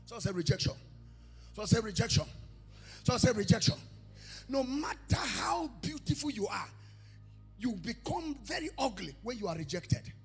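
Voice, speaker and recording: Gravelly high-voiced man preaching fiercely. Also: big pitch swings, fast, faint music behind. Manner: shouted repeated commands, call-and-response. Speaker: guest preacher. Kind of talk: fiery prophetic sermon. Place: church.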